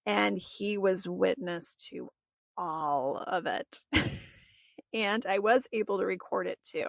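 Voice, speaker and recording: A woman recounts a personal experience as a podcast host, chatty and quick to laugh. Her voice has a gravelly fry to it. The sound is dry, with no room echo. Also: fairly low pitch. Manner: chatty, often laughs and acts out quotes. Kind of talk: personal storytelling monologue.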